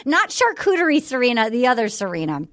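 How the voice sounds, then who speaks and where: A woman hosting a casual recap podcast, retelling scenes with lively quoted lines and laughs. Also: fairly high pitch, quick pace. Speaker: podcast host.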